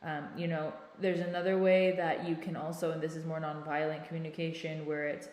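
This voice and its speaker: Low-voiced woman in an echoey room. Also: little pitch movement, fairly quick, few pauses, a little mellow. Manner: conversational, often adds "right?" tags. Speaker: podcast host. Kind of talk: casual advice monologue. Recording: echoey room with long reverb.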